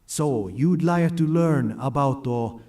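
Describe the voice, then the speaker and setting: A man's voice: mid-range voice, takes it slowly, mellow, natural voice. A computer-generated male voice playing a folksy leatherworker craftsman in a game, with a drawling, inviting manner and a tag of "eh?" on his questions. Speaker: game character voice line.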